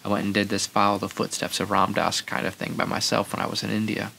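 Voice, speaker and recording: A man's voice: on the low side, flat delivery, fast talker, gravelly, bright, forceful tone, slight background noise. A man hosting a podcast, telling a story in a rambling, casual way and acting out the quotes. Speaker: podcast host.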